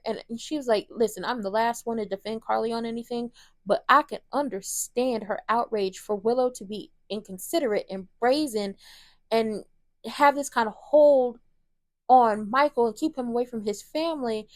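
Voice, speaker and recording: A woman's voice: fairly high pitch, dry recording, studio quality. A woman hosting a casual soap opera recap, blunt and opinionated, swearing freely as she retells scenes in quoted lines.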